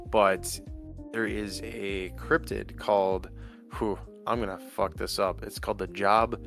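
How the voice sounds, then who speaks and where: A man hosting his podcast in a chatty, rambling way with lots of fillers, getting over an illness with an occasional cough. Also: low voice. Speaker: podcast host. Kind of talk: casual solo podcast talk.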